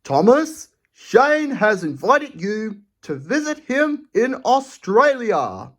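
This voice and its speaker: A stout, bossy railway manager announces his news emphatically, as a woman reader puts him on. His voice is raised above her own and he stretches words out slowly for effect. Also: on the high side, sing-song, voice pushed up, heavily acted. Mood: announcing.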